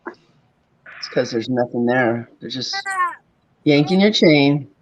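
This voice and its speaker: A man's voice: mid-range voice, lively intonation, slow. A man hosting a casual vlog chat, teasing his friends and laughing often. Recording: lo-fi muffled sound.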